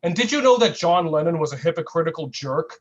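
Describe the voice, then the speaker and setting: A man's voice: on the high side, animated. Man reading satire over dull video call. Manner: mock-earnest satirical delivery, drawn-out "so boring" asides. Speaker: open mic performer. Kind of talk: comic spoken-word reading.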